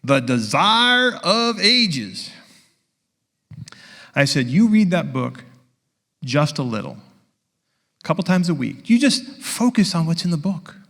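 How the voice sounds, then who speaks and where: A man preaching a sermon, telling a story with lively dialogue and acting out both sides. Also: a little high, slow, pauses often, big-room sound. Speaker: pastor.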